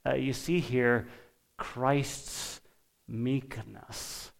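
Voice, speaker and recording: A man preaching a sermon, emphatic and deliberate, pausing often and lifting his voice when quoting scripture. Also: medium pitch, fairly even intonation, vocal fry. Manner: lifts his voice for quoted scripture.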